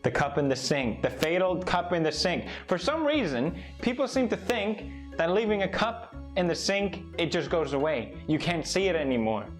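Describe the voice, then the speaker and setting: High-pitched man ranting with animated sarcasm. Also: moderate pace, faint music behind. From Europe. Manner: exaggerated, sarcastic and swearing. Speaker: comedy YouTuber. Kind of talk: comedic rant clip.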